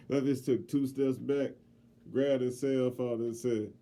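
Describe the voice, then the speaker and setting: Speaking slowly in a mid-range voice, this middle-aged man co-hosts a podcast and shares a story in relaxed chat. He swears heavily and gets animated and loud when repeating his own words.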